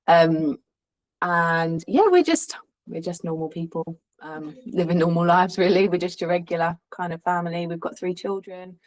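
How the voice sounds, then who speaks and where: A woman's voice: fairly low pitch, moderate pace, low-quality recording. A woman from the London suburbs with a slight Cockney accent, chatting as an interview guest, rambling with frequent ums and restarts. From suburbs of London, England. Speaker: guest, Airbnb host and hairstylist. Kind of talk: casual interview chat.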